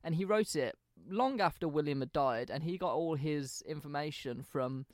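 A man's voice: on the high side, moderate pace, no room sound, clean studio sound. Chatty young Englishman telling history. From England. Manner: chatty, hesitant, self-deprecating. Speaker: podcast host. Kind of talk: casual history chat.

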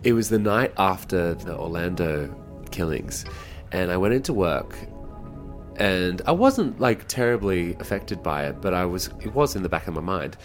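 A man with a very low voice talks through personal stories in a loose, chatty way. He performs in drag and acts out the voices of the people in his stories. Faint music plays quietly behind him. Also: lively intonation, moderate pace. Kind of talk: casual storytelling.

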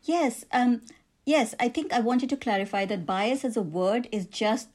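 A woman with an Indian accent, an author answering interview questions about her book, reflective and quick to laugh. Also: on the high side, darkish tone. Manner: reflective, laughs easily, frequent restarts.

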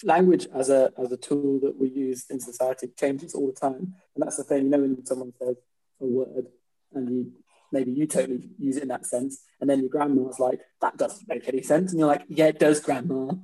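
Mellow-voiced hesitant man. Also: mid-range voice, steady tone, fairly quick, slightly rough, rough recording. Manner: rambling, hesitant, lots of "like" and "I mean". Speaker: podcast co-host. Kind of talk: casual chat.

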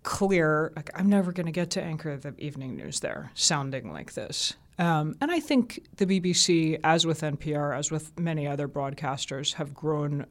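A woman radio journalist from the American South, telling relaxed, chatty anecdotes as an interview guest. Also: low voice, moderate pace, few pauses. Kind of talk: casual interview storytelling.

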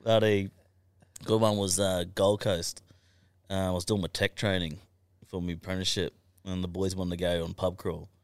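A man's voice: low voice, level tone, moderate pace, clean tone, no echo. A young Australian man on a podcast, telling stories in a casual chat. He swears constantly and laughs through his stories. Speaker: podcast guest.

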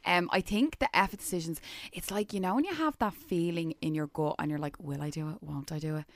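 Low-voiced chatty young woman. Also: brisk, dry recording. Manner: chatty, acts out her own inner voice. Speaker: co-host. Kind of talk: casual chat.

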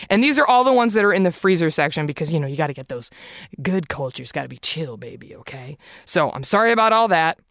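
Woman podcast host, casual solo chat, bright crisp voice, dry close sound, emphatic and chatty. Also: medium pitch, no echo. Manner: chatty, confessional, emphatic, swears freely.

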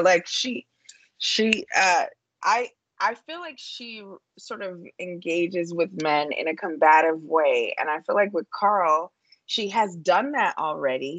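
A woman's voice: lowish voice, a bit bright, no echo. A woman with a New York accent co-hosting a casual chat, blunt and profane with lots of fillers. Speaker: podcast co-host. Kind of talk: casual chat about reality TV.

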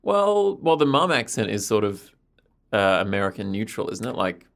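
A man co-hosting a podcast in casual chat, halting and hesitant as he recaps. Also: on the low side, sing-song, gravelly. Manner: hesitant, halting, many restarts. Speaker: podcast co-host.

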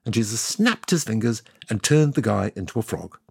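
A sardonic, talkative God tells his side of the story in a comic audio fiction. The voice is gravelly and a little husky, and the pitch swings around lively as he tells it. The recording is dry and close. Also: normal speed, no room sound, exaggerated voice. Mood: wry. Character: God, ancient male deity, wry and chatty. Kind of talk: scripted comic monologue.

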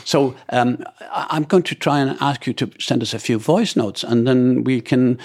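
A man's voice: medium pitch, normal speed, darkish tone. An older man from Ireland co-hosting a podcast, telling stories in a rambling way with many fillers and restarts. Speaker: podcast co-host. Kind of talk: casual storytelling chat.

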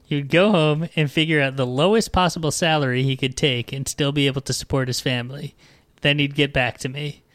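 Profane ranting podcast host, smooth dry voice. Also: male voice, on the high side, fairly even intonation, fairly quick, fairly bright tone, no echo. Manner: profane, ranting, reads book passages aloud. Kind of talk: casual comedic book discussion.

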